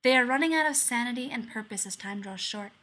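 A woman reading fan fiction aloud in a soft, measured storytelling voice. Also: a little high, animated. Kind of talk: scripted narration.

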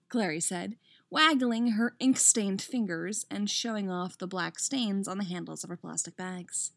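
A woman's voice: medium pitch, a little slow, gravelly, no echo, clean studio sound. A woman reading a romance story aloud, breaking in with startled asides and swearing as she reads. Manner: expressive, blurts asides and swears mid-read. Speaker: reader. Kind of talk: reading fan fiction aloud with reactions.

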